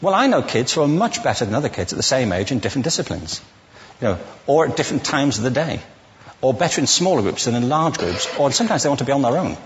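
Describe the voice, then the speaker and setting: A man's voice: medium pitch, sing-song, quick pace, big-room sound, a little hiss or hum. A man giving a witty, conversational lecture to a live audience, asking the listeners questions as he goes. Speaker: public speaker.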